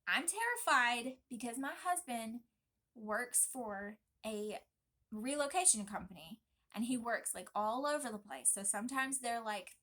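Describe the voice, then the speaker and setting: A young woman vlogging casually, talking in an emphatic, chatty and animated way. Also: a little high, a little slow. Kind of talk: casual pregnancy vlog talk.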